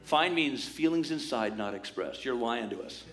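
Guy pastor giving a sermon, chatty and lively, mid pitch. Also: normal speed. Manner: lively, conversational, acts out quoted voices.

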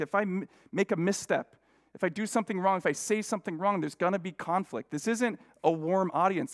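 A male guest preacher giving a conversational sermon, telling stories with frequent restarts and self-deprecating asides. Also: high voice.

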